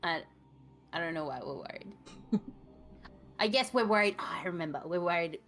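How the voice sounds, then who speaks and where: A woman's voice: on the low side, expressive, moderate pace, a bit bright. A woman player in a tabletop game, narrating her character's actions in a hesitant, jokey, self-mocking way. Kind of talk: casual tabletop play.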